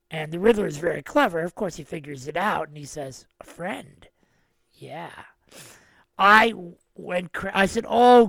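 A man's voice: sits high, fairly bright tone, no echo. A man hosting a podcast, giving a casual and enthusiastic film review and retelling scenes at length. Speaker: podcast host.

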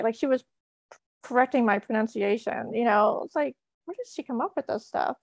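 A woman's voice: fairly high pitch, a little fast, dry recording, highs cut off. A woman in her thirties chatting as a podcast guest, upbeat and full of ums. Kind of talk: casual podcast chat.

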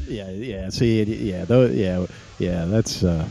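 A man's voice: fairly low pitch, takes it slowly, gravelly, dark tone, rough recording. A man hosting a casual podcast, rambling with many fillers and laughing at himself. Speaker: podcast host.

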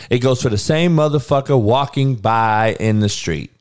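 Male host mid-rant: irritated, cursing, blunt, heated street-talk delivery at a mid pitch. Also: normal speed, hardly any pauses, smooth. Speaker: show host. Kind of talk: ranting monologue.

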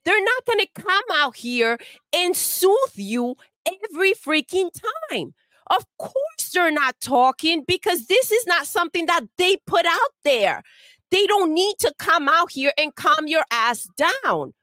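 Exasperated, high-pitched female co-host. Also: sing-song, a little slow, bright, forceful tone, dry recording, clean studio sound. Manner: exasperated, emphatic. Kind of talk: casual livestream chat.

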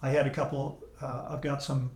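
A man's voice: medium pitch, flat delivery, darkish tone. Earnest man telling a story, echoey room. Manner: earnest, emotional, halting restarts. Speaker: podcast guest. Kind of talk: candid storytelling. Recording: echoey room, AI-salvaged audio.

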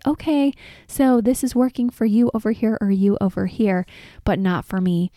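Chatty thirtysomething woman hosting an advice podcast, warm mellow voice, dry sound. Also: medium pitch, dry recording. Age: 30s. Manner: earnest, chatty, laughs while telling stories. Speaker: podcast host. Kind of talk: casual advice talk.

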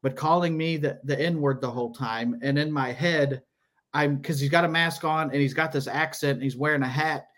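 A man's voice: fairly high pitch, steady tone, moderate pace, a bit bright. Rambling man telling a story. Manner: rambling, laughing, restarts and acts out quoted people. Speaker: comedian podcast host. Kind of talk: casual storytelling chat.

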